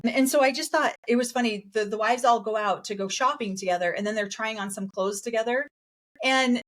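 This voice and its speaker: A woman's voice: on the high side, a little fast. Chatty woman recapping a TV show. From raised in a polygamist group in the US West. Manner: chatty, animated, acts out quotes in other voices. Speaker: podcast co-host. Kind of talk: casual reaction chat.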